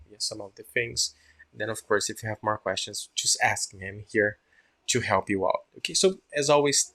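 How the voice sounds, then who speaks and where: Man, English teacher, gravelly voice, middle pitch, casual lesson, acts out sounds. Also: pushed and bright. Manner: keeps checking in with "yeah?" and "okay?"; acts out sounds while explaining.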